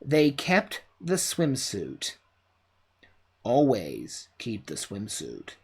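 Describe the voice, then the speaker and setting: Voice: medium pitch, huge pitch swings, drawn-out words, darkish tone, husky. A reaction streamer giving enthusiastic, rambling commentary full of "like"s.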